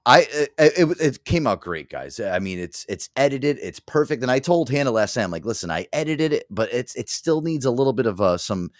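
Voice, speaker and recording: A man's voice: mid-range voice, very animated, a little fast, hardly any pauses, no room sound, studio quality. A man hosting a talk show, rambling with lots of "I mean, listen," and laughing often. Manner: rambling, many fillers and restarts, laughs a lot. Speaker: host. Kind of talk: casual chat.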